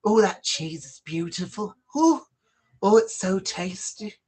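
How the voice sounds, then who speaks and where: Give me a camp man drooling over cheese, breathy and exaggerated, as a man puts him on. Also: high voice, lively intonation, unhurried, a little mellow, full character voice. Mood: gushing. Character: camp, gushing man who relishes cheese.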